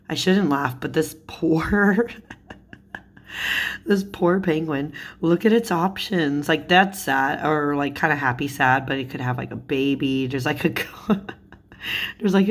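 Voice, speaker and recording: A young woman with a low voice talks casually to her viewers about cards she finds funny. She giggles often and leans on "like" as a filler. Her chat is loose and friendly. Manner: giggly, chatty, lots of "like" fillers. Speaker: tarot YouTuber.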